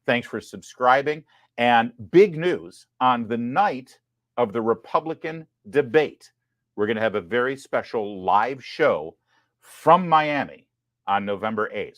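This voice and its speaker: A man hosts a live online commentary show with a joking, animated delivery. His pitch swings widely from line to line. The sound is close and dry, with no room echo. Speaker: host.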